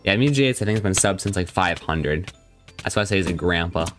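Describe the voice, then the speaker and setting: A young man with a somewhat low voice chats casually on a game live stream. He jokes around and reads out his viewers' messages as he plays. Faint background music runs under his talk. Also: lively intonation, fast talker. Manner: chatty, joking, reads and answers viewer chat.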